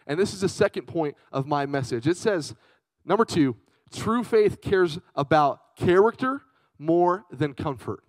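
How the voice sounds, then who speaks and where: A young man preaching a lively youth sermon, telling stories with big swings from loud to hushed. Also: a little high, measured pace, no echo, poor audio. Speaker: youth pastor.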